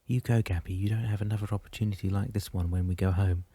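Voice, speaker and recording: A man reading as a calm mother who speaks softly and encouragingly. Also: deep voice, fast, vocal fry, slightly rough, no room sound, full character voice. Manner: soft, encouraging.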